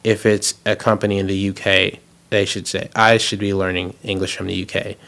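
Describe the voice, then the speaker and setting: A man hosting a podcast, explaining his points in a measured, thoughtful way. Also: low-pitched, little pitch movement, vocal fry, a bit bright. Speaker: podcast host. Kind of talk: podcast conversation.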